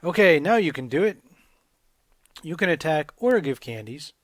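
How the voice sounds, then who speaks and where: A man voicing a sweet, scheming young princess in a sugary, pleading falsetto. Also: very animated, normal speed, a bit bright, no echo, studio quality.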